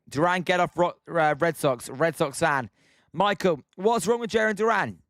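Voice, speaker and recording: Calling baseball live on his stream, this young Brit mixes play-by-play commentary with chat, greeting viewers by name. He speaks at a moderate pace in a slightly high, fairly bright voice, and the studio-quality audio has no room sound.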